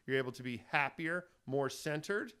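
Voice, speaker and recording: Smooth-voiced earnest man giving self-help talk. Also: mid-range voice, lively intonation, normal speed, pushed and bright. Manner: rambling, earnest, fatherly. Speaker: host. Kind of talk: casual self-help monologue.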